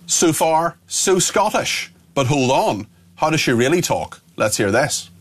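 A man's voice: fairly high pitch, sing-song, a little slow, background noise. A man with a Northern Irish accent hosting a radio phone-in, chatting in a wry, loose way with plenty of fillers. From Northern Ireland. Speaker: radio talk show host. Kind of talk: live radio phone-in presenting.

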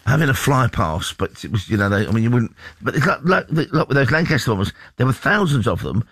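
Male radio co-host from England, quick and rambling, close dry studio sound. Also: medium pitch, big pitch swings, fairly bright tone, breathy edge, dry recording. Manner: chatty, rambling storyteller, reads news items aloud. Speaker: radio presenter. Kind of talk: casual breakfast radio chat.

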